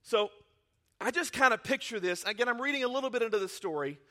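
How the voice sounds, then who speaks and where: A man preaching a lively sermon as pastor, acting out Bible scenes in playful voices. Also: very high-pitched, fast. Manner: energetic, acts out Bible scenes in character voices.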